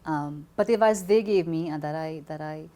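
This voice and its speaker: A woman with a Trinidadian accent, talking as an interview guest in an expressive, conversational way, often repeating words as she starts a thought. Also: low voice, a little fast. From Trinidad and Tobago.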